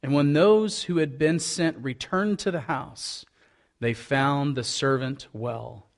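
A man's voice: mid-range voice, slow. A man preaching a sermon as pastor, reading scripture, praying and speaking in an earnest, conversational way with folksy asides.

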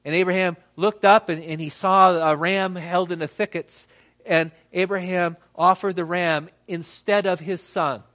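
A man preaching a sermon, reading scripture and acting out quotes with dramatic pauses. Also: high voice, steady tone, a bit bright. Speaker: pastor.

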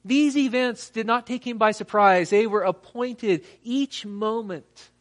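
A man preaching a sermon, reading scripture and acting out quotes with dramatic pauses. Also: high-pitched. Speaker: pastor.

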